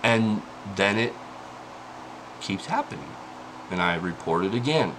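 Exasperated man on a slow angry rant. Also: fairly low pitch, lively intonation, background noise. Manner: ranting, exasperated, profane, pleading. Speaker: indie game developer and content creator.

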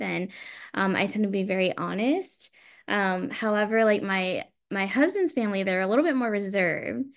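Hesitant woman in a casual chat. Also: medium pitch. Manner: hesitant, many fillers, candid. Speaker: book club member. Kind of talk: casual group discussion.

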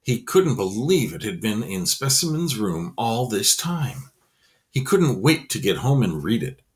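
A man's voice: on the low side, sing-song, unhurried. A man reading a children's novel aloud expressively, adding casual asides. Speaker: reader.

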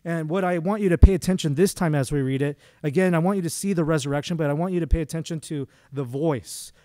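A man's voice: on the high side, quick pace, dark tone, no echo, clean studio sound. A man preaching a sermon as a guest speaker in a church, talking conversationally with frequent fillers and restarts.

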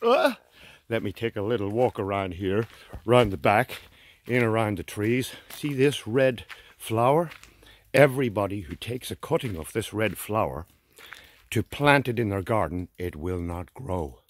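Walking through a forest outdoors for his vlog, a man from Ireland chats in a casual, joking way. His voice is on the low side and sing-song, and he speaks unhurriedly.

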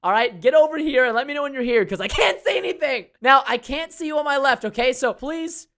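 A man hosting a gaming video, loud and playful, laughing and teasing his friend while he plays. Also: extremely high pitch, fast, vocal fry. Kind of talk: excited gaming commentary. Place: home recording room.

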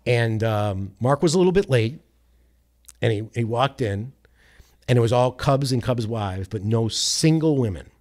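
A man's voice: medium pitch, unhurried. A man, a sports radio producer, telling a long anecdote in casual chat, rambling with restarts. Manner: rambling, animated anecdote with quoted voices and self-corrections. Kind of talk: casual storytelling.

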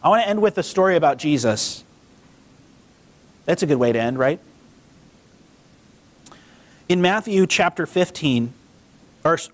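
Casual high-voiced man preaching. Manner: conversational, acts out quotes with lively pitch. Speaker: pastor. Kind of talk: casual sermon with scripture reading. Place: church sanctuary.

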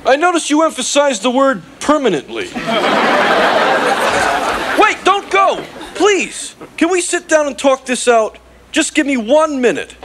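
A pushy little male alien in a sitcom who whines, begs and fires back quick jokes. His voice sits very high and swings widely between notes. Loud studio audience laughter rolls under his lines. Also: lively intonation, crowd noise, noisy background. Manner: whiny, pleading, quick comebacks. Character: wisecracking furry male alien, pushy and needy. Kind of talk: 1980s sitcom acting.

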